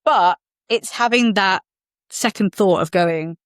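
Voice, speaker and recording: A woman's voice: mid-range voice, slow, smooth, dry recording, clean studio sound. A middle-aged woman, an actor and filmmaker, chatting on a podcast and acting out the people in her stories. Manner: animated storytelling, acting out quoted voices. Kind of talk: casual podcast conversation.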